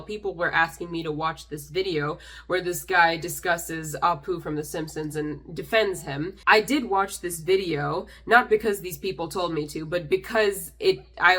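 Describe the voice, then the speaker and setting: A woman's voice: fairly low pitch, pushed and bright. A young woman vlogger reacting to comments in a sarcastic, exasperated way, a little tipsy. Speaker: YouTuber reading comments. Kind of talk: casual commentary.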